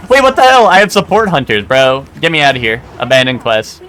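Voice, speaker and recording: A man's voice: medium pitch, sing-song, fairly quick, a bit bright. A young man streaming a game live, rambling and joking with crude banter to his chat. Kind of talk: casual live gameplay chat.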